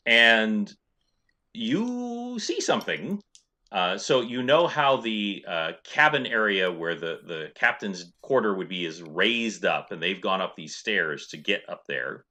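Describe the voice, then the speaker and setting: A man's voice: sits low, expressive, unhurried, few pauses, sharp tone. A middle-aged man running a tabletop game as dungeon master, narrating playfully with sound effects.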